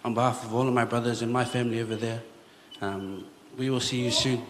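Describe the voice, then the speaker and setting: A man's voice: mid-range voice, little pitch movement, quick pace, background noise. A young man giving a hesitant funeral eulogy for his grandmother in a large church, holding back tears. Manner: emotional, hesitant, many ums. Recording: church with long reverb, faint ambience.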